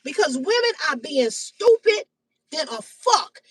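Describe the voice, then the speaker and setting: A woman in her fifties hosting a live stream, talking bluntly and loudly with heavy cursing. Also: high-pitched, very animated, normal speed, no echo, recorded from a distance, rough recording. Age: 50s. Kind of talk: profane casual live-stream rant. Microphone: phone or webcam on a live stream.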